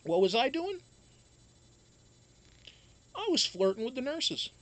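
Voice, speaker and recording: A man's voice: very high voice, sing-song, takes it slowly. Rambling, profane live-stream host, man. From Wisconsin. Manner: rambling, profane storytelling with chat asides. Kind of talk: casual live-stream chat.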